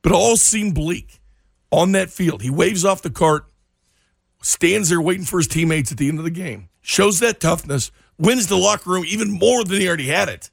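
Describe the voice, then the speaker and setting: A male co-host breaking down the game on a sports talk show. His voice is slightly high with a gravelly edge. He tells it with emphatic, animated energy. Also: moderate pace, no echo, studio quality. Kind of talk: sports talk radio analysis.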